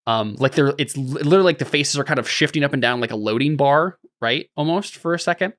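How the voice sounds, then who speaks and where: A man's voice: mid-range voice, fast, fairly bright tone, slight background noise. A man narrating as the game master of a tabletop game, in a loose, rambling way with many fillers.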